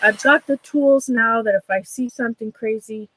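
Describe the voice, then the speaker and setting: A woman's voice: a little high, a bit bright, no echo, poor audio. A woman with a Minnesota accent hosting an art livestream, chatting casually with viewers while she works, rambling and breaking off mid-thought with frequent laughs. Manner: chatty, rambling, self-interrupting, quick to laugh. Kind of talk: casual livestream chat while demonstrating a craft.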